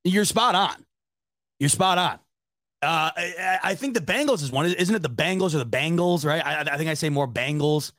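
A young man from the Rochester, New York area hosts a casual sports chat, reading the live chat as he goes. He rambles, stumbles over his words and swears without a second thought, in a slightly high voice. The room is dead dry, with no echo at all. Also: normal speed, fairly bright tone. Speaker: sports podcast host.

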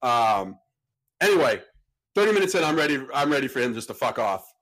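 A man's voice: medium pitch, a little fast. A man hosting a podcast, telling a story in a casual way and acting out the people in it. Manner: animated, acts out the people in his story. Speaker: podcast host.

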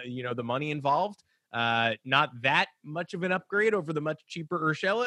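Sports podcast co-host, male, slightly high pitch, loose jokey delivery. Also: pushed and bright, no echo. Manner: rambling, jokey, many restarts and fillers. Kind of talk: casual sports chat.

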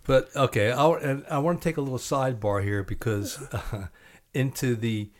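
A man's voice: mid-range voice, moderate pace. A man hosting a podcast interview, chatting and reading passages from a book aloud with emphasis. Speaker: podcast host.

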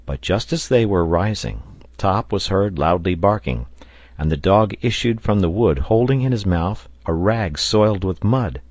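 Deep-voiced male audiobook narrator. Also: a little slow, no echo. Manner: steady, even-paced reading.

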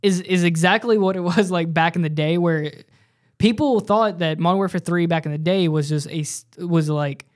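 A man's voice: sits high, normal speed. A man co-hosting a casual podcast, telling rambling stories and laughing at them. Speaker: podcast co-host. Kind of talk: casual chat.

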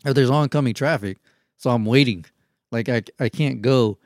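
A man's voice: mid-range voice, moderate pace, dry recording, studio quality. Profane man telling a story. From Houston, Texas. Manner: profane, animated storyteller acting out quotes. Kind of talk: casual storytelling chat.

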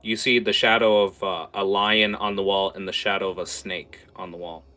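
A man narrating a tabletop game as its game master, animated and full of filler words. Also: deep voice, moderate pace.

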